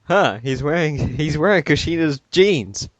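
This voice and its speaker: A man's voice: fairly high pitch, lively intonation, a little slow, no echo, highs cut off. A man in casual podcast chat who recaps animatedly and acts out quotes as jokes. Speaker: podcast co-host.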